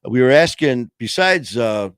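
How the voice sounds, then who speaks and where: A man's voice: medium pitch, animated, measured pace, clear, resonant tone, dry recording. A middle-aged man hosting a live studio show, chatting loosely with lots of fillers and restarts and telling jokes. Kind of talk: rambling casual chat with joke-telling. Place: small studio. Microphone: studio mic.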